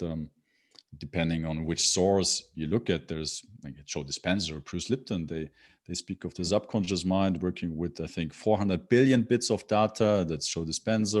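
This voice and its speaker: Low-voiced man, halting and full of fillers. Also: darkish tone. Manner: halting, many fillers and restarts. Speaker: podcast guest. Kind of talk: casual interview chat.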